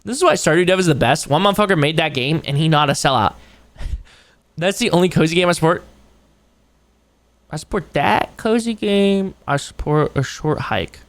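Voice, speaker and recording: A man's voice: fairly high pitch, normal speed, long pauses. A young man live-streaming, chatting casually with his viewers, rambling and swearing, joking and breaking into mocking voices. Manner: rambling, profane, jokey, jumps into mocking voices. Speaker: streamer reacting to a video.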